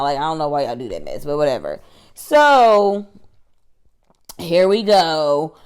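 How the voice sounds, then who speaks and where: A woman's voice: low-pitched, big pitch swings, unhurried, darkish tone, smooth. A woman recapping a TV episode for her channel in a chatty, slangy way, laughing often. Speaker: YouTube TV reviewer.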